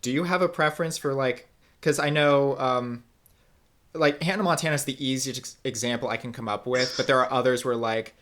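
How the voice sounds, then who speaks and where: A man's voice: mid-range voice, fairly even intonation, fairly quick, fairly bright tone. A man interviewing a guest, asking questions in a hesitant, casual way with many fillers.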